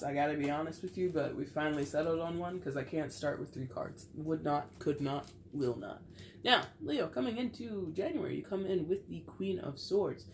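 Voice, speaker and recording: A woman's voice: deep voice, a little mellow, a little hiss or hum. A woman giving a casual tarot reading to camera, chatty and playful with frequent laughter, while getting over a cold. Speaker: tarot reader.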